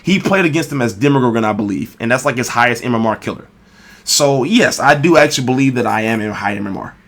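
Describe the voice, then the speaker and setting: A man ranting as a gaming video creator, openly irritated and swearing constantly. His voice sits at a middling pitch as he pushes through his argument. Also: animated, fast talker, a bit bright. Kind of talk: ranting response commentary.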